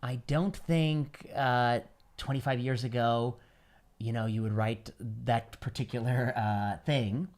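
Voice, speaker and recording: A man, a physician hosting a podcast, musing in casual chat with halting phrasing and many fillers. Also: mid-range voice, fairly even intonation, darkish tone.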